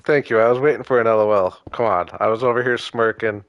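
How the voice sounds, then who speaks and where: A man casually chatting and joking with his viewers while playing a game, relaxed and full of small hesitations. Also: fairly low pitch, fast, no room sound, dull audio. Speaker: streamer. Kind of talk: casual live-stream chat with viewers.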